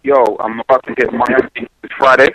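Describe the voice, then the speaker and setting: A nineteen-year-old man from London with a London accent, calling a radio show, talking quickly and excitedly. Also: dry recording. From London, England. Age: teens. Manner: excitable, quick, with laughs and rising pitch. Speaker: caller. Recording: muffled phone line.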